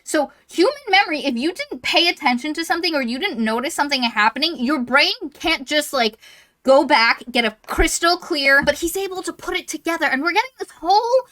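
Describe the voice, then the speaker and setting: A woman's voice: sits high, animated, a little fast, sharp tone. A woman co-hosting a podcast, rambling through an exasperated, casual recap of a book's plot. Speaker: podcast co-host. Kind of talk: casual book-roast chat.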